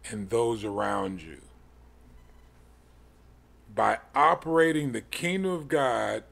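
Slow, gravelly male Bible teacher. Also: mid-range voice. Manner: slow, halting delivery with many pauses and restarts. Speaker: podcast teacher. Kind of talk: Bible study sermon.

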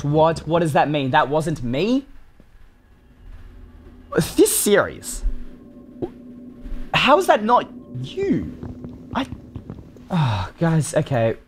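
A young man commentating a game for his channel, excitable and ranting at what happens on screen. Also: high voice. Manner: excitable, shouts and rants at the game. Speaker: gaming YouTuber. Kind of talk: Minecraft let's play commentary.

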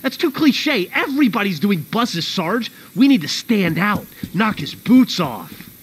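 A man playing a lazy, whiny male soldier in an animated series, talking with sarcasm. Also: high voice, unhurried, a little hiss or hum. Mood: exasperated.

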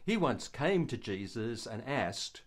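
Older male storyteller, earnest, slow, lively pitch. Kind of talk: devotional story narration.

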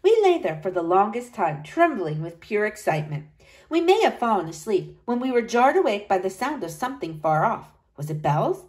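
A woman reading a children's Christmas story aloud, with lively delivery and high excited lines for the children. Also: moderate pace, poor audio. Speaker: storybook narrator. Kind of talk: storybook read-aloud narration.

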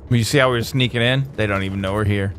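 A man hosting a let's play, giving excitable, jokey gameplay commentary that jumps to high exclamations. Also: racing, slight background noise.

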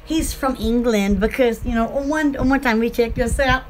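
A woman from Alabama with a Southern accent, rambling excitedly in a casual vlog for her online shop. She giggles often and fills her talk with "oh" and "um". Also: on the high side, moderate pace, a little hiss or hum. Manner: giggly, excitable, lots of "oh" and fillers.

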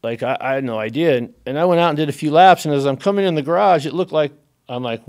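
Man, slightly high voice, casual anecdotes, acts out dialogue, frequent laughter. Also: fast talker. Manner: animated, acts out quoted dialogue, laughs often. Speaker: podcast guest.

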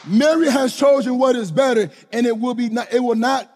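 A middle-aged male pastor, preaching a lively sermon that swings from shouts to hushed low lines. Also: fairly quick, slight background noise. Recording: hall reverb.

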